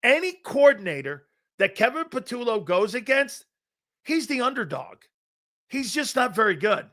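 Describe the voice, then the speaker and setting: A man's voice: very high voice, sing-song, moderate pace, bright, forceful tone. A man hosting a live sports talk show, delivering blunt, profane, mocking opinions and predictions.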